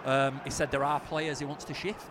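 A man, slightly higher-pitched than most, trading excitable jokes as co-host of a football podcast. He talks from a stadium press box with clear outdoor noise all around him. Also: normal speed. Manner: jokey, excitable banter. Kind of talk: casual football podcast chat.

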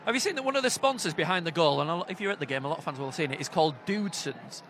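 A man's voice: on the high side, expressive. A man, chatting and joking through a football match from the stands. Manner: jokey, quick, gets loud at big moments. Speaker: football fan commentator. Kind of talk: casual banter at a live match. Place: outdoor football stadium stands. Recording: crowd and outdoor noise. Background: crowd noise.

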